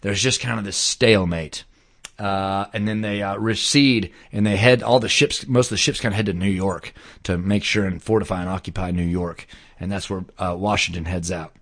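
Slangy, animated man telling a story. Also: low voice, normal speed. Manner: animated, slangy, swears, fillers. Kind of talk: casual storytelling chat.

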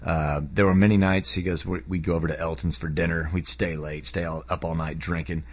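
A man's voice: low-pitched, brisk. Rambling, chatty man reviewing a book. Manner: rambling, chatty, lots of fillers and asides; animated, voice jumps up when excited. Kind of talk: casual spoken book review.

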